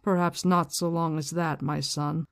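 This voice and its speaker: A reader voicing a stern, powerful woman leader, reading her lines in a measured, firm way. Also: medium pitch, fairly even intonation, vocal fry, fairly bright tone.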